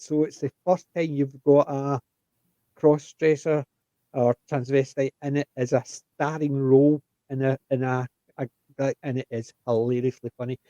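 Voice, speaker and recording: A man explaining things in a rambling, animated way during a casual panel chat. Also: mid-range voice, no echo, highs cut off.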